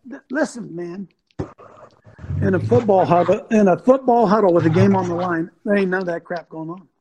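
A man's voice: high voice, moderate pace, mellow, lo-fi sound, a little hiss or hum. A man hosting an online show, a former football coach giving an intense, emphatic, sermon-like talk full of rhetorical questions into his computer mic. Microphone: computer mic on a video stream.

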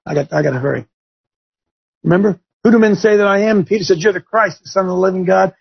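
A man's voice: sits high, quick pace, gravelly, breathy edge. A man preaching to a group in a folksy, emphatic way, speaking straight to his listeners. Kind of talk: sermon. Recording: dull lo-fi recording.

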